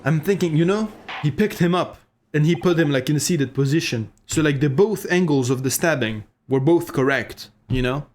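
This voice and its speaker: A man's voice: a little high, moderate pace, hardly any pauses, a little mellow. Rambling, profane man streaming a game. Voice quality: rambling, profane, self-mocking. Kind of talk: casual gaming commentary. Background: game music.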